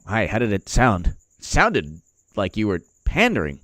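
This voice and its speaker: A man's voice: on the low side, huge pitch swings, measured pace, fairly bright tone, dry recording, studio quality. A man hosting a political commentary vlog, ranting sarcastically and repeating himself in disbelief. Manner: sarcastic, repetitive, incredulous. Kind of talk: casual political rant.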